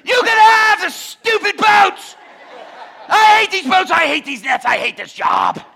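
A man voicing a furious middle-aged fisherman who rants and shouts at his crew in exasperation. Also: extremely high pitch, lively intonation, fast talker, vocal fry, some chatter behind, a little hiss or hum, voice pushed up, heavily acted. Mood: fed up.

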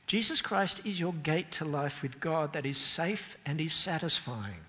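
A man's voice: fairly high pitch, lively intonation, measured pace, hardly any pauses, bright, forceful tone, slight background noise. A man preaching a sermon, earnest and emphatic, his voice climbing and dropping to stress points. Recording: long hall reverb.

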